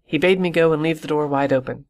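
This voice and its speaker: A man reading an audiobook in steady, measured scripted narration. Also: on the high side. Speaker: audiobook reader.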